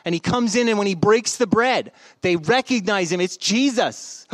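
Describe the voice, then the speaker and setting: A man preaching a sermon in a relaxed, conversational way, telling stories with humor. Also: sits high, normal speed, few pauses, no echo. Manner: conversational, joking storyteller. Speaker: pastor.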